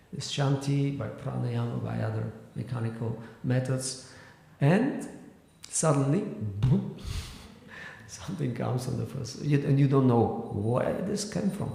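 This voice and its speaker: Male lecturer, scripture class, gravelly mellow voice, halting delivery, booming echoey hall. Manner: explanatory, halting with fillers and restarts. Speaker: spiritual teacher. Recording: echoey hall with long reverb.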